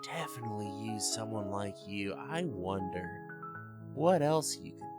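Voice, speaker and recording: A man's voice: on the low side, lively intonation, normal speed, loud music behind the voice. A man voicing a predatory male ghost who speaks in a coaxing, sinister way. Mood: menacing.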